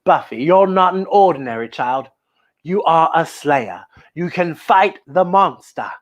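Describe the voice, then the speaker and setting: A woman voicing a calm, reassuring male school librarian in a storybook. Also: sits low, measured pace.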